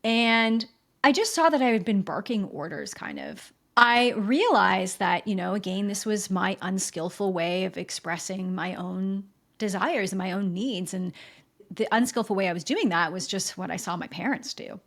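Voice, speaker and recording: A woman's voice: mid-range voice, moderate pace, a bit bright. A woman hosting her own podcast, talking candidly to listeners and often checking in with them. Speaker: podcast host. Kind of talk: candid solo podcast talk. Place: home in a rainy city.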